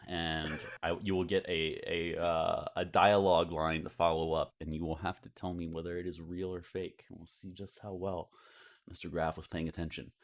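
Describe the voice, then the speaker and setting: A man hosting a podcast in loose, rambling conversation, casually dropping swear words. His voice sits very low with a gravelly fry running through it. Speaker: podcast host.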